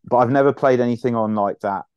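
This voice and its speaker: A man's voice: mid-range voice, fast talker, darkish tone, clear, resonant tone, dry recording, muffled recording. A man, co-hosting a casual sports podcast, rambling with frequent restarts and swearing. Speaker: podcast co-host.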